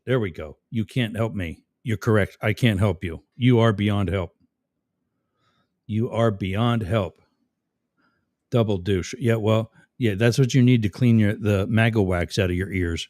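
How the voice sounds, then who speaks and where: A man's voice: lowish voice, a little mellow, no echo, clean studio sound. A man hosting a live stream, reading chat comments aloud and mocking the commenters sarcastically. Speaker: livestream host.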